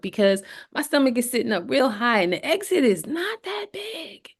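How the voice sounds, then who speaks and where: A middle-aged woman co-hosting a podcast, telling a personal story in casual chat and acting out the voices she quotes. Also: normal speed. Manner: animated, acts out quoted voices with big pitch jumps. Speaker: podcast co-host.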